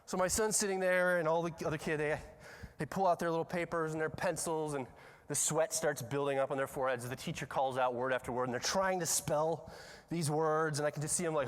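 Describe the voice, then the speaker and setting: A man's voice: on the high side, fast talker. A man giving a conference talk, telling a story with self-mocking humor and acting out the scenes. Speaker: conference speaker. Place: large conference hall. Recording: long reverb of a conference hall.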